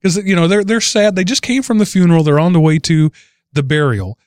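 Male podcast host, slightly high voice, dry close sound, amused storyteller who chuckles as he goes. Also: a little fast, a little mellow, clean tone, dry recording. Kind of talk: casual chat.

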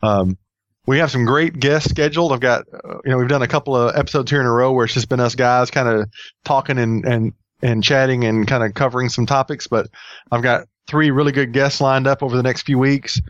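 A man's voice: medium pitch, fairly even intonation, brisk, no room sound, muffled recording. A man hosting a casual podcast, rambling and joking with many fillers. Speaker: podcast host.

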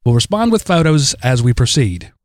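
A man reading a listener's email aloud in a deliberately terrible put-on Australian accent, hammy and sing-song, on a podcast. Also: medium pitch, big pitch swings, no echo, studio quality, lightly acted.

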